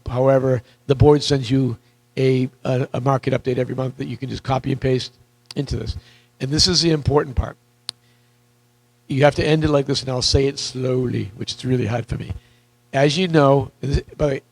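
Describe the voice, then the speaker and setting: Gravelly man coaching a room, voice worn. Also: mid-range voice, no echo, poor audio. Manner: energetic, repetitive, audience questions. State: losing his voice. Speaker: real estate coach. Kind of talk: live seminar talk.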